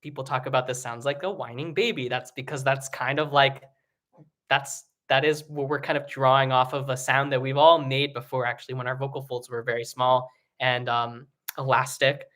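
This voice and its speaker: A man teaching singing in a casual, rambling way, with many fillers and restarts, breaking into high sung examples. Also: fairly even intonation, moderate pace, fairly bright tone. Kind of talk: live online singing lesson.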